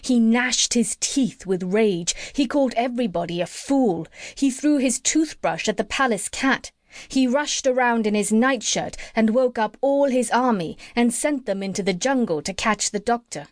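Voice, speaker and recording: A woman narrating a classic children's storybook in a gentle, measured way. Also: on the high side, animated, no echo, studio quality. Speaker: audiobook narrator.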